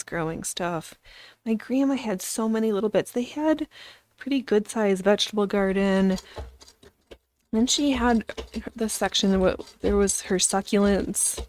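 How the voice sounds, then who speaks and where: Slow-talking chatty woman streamer. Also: medium pitch, no echo. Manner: rambling, chatty, reads and answers viewer chat; slow, drawn-out talk with soft whispered asides. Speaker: livestream host. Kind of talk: casual livestream chat while sewing.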